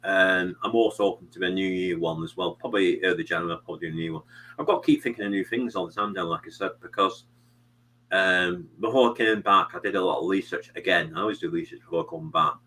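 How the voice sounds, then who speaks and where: A man's voice: deep voice, steady tone, a little fast, sharp tone, slight background noise, poor audio. A British man hosting a live stream, chatting casually in a rambling way with many fillers. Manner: rambling, many fillers and "you know what I mean". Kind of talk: casual chat.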